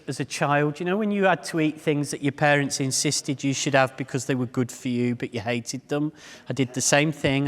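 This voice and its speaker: A man giving a public talk to a live audience, telling stories in an animated, self-deprecating way. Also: fairly high pitch. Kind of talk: humorous storytelling talk. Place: large hall before a live audience. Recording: echoey hall with long reverb.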